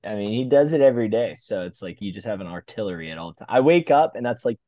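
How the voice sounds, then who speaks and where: A man's voice: on the low side, lively intonation, fast, dark tone, dry recording, clean studio sound. A man co-hosting a casual podcast, speaking in a laid-back way with hesitant fillers. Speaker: podcast co-host. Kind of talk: casual chat.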